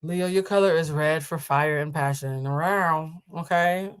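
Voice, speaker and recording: Her voice sits low and smooth, and she takes her time. As a tarot reader hosting a live stream, she answers chat in a casual, sassy, playful manner, addressing listeners as "child."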